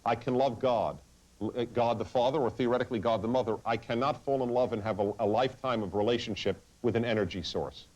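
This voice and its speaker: A man's voice: medium pitch, fast, darkish tone, poor audio. A man hosting a talk radio debate, speaking earnestly into a studio microphone and often restarting his sentences. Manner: earnest, frequent stammered restarts. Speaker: radio talk show host.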